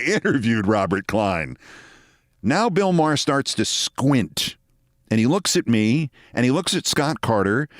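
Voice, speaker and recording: A man's voice: mid-range voice, no room sound, clean studio sound. A man hosting a show, telling a long personal story and acting out the people in it. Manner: lively anecdote-telling, acting out quoted people. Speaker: host. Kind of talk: storytelling monologue.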